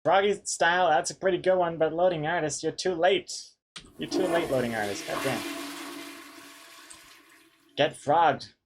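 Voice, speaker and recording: A man's voice: a little high, normal speed, pauses often, a little hiss or hum. Joking man reading chat suggestions. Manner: jokey, reads names aloud, laughs often. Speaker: streamer reading viewer suggestions. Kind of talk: casual live-stream chat.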